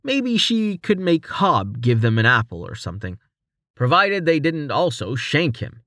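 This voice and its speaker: A man narrating a fantasy audiobook in a steady storytelling manner. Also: fairly high pitch, measured pace, dry recording, clean studio sound. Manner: steady storytelling, shifts into character voices.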